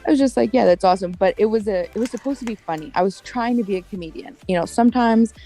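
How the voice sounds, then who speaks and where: Her voice is warm and fairly high, and she talks fast while chatting with friends on stream, soft music playing underneath. Laughing often, she tells stories in long runs, quoting what people said.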